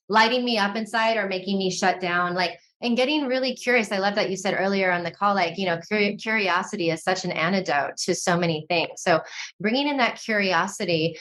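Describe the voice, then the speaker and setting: A woman speaking as a podcast guest, expressive and animated, with lots of "like" fillers. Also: mid-range voice. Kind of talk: conversational podcast interview.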